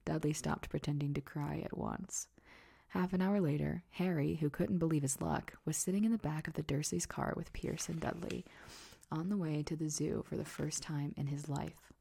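A woman narrating a storybook in a soft, hushed, steady reading. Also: low voice, moderate pace, gravelly, slightly rough.

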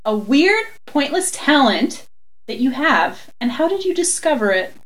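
Lively, animated young-sounding woman chatting. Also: sits high, a little slow. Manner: animated, swearing, laughing often. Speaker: podcast co-host. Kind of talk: casual chat.

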